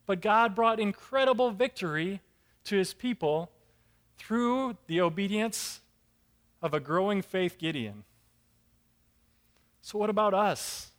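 A man preaching a sermon, telling a Bible story with lively acted-out voices and emphatic rises. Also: sits high. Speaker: pastor.

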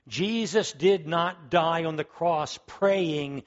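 A man's voice: fairly high pitch, slow, pauses often, highs cut off. A man preaching a sermon, emphatic and fervent, repeating key words as he builds to strong peaks. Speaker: pastor.

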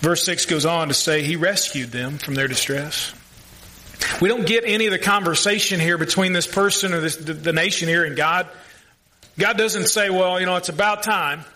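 High, bright-voiced male pastor preaching. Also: moderate pace, a little hiss or hum. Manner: earnest, asks the congregation questions. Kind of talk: sermon.

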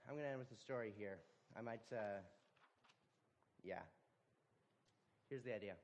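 A man's voice: mid-range voice, moderate pace. A man preaches in a folksy, storytelling way. His delivery is loose and conversational, with casual asides to the listeners. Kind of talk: sermon.

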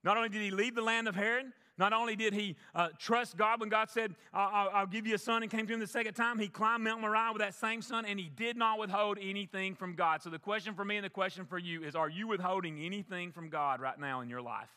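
A man's voice: high-pitched, fairly even intonation, fast talker, few pauses, bright, forceful tone, clean tone. A male pastor preaching a sermon, emphatic, repeating key phrases for the congregation. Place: church sanctuary. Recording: long church reverb.

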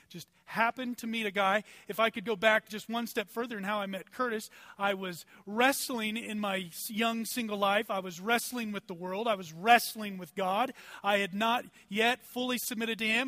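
Man, pastor, sermon, high voice, animated storytelling, rhetorical questions. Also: dry recording. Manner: conversational, personal anecdotes.

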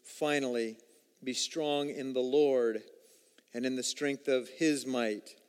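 A male pastor preaching a sermon with energetic delivery and swings from loud to quiet. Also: medium pitch, slow pace, clear, resonant tone. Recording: long reverb of a large hall.

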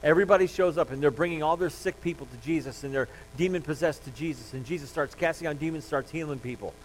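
Joking, chatty pastor, slightly high voice. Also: male voice, fast talker, a little hiss or hum, rough recording. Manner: conversational, joking, reads scripture aloud. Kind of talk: sermon.

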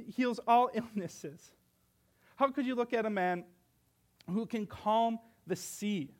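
A young man preaching a sermon, earnest, asking rhetorical questions and reading scripture aloud. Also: sits high.

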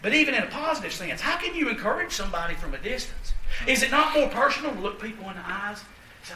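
Animated high-voiced preacher. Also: male voice, quick pace, distant mic, a little hiss or hum. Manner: folksy, emphatic preaching with asides to the congregation. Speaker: pastor. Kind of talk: sermon. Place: church sanctuary. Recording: echoey room, voice from off the mic.

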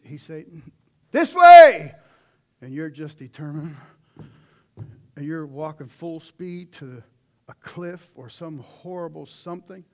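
A middle-aged man preaching a sermon in a folksy, animated way, with sudden shouted asides. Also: fairly high pitch.

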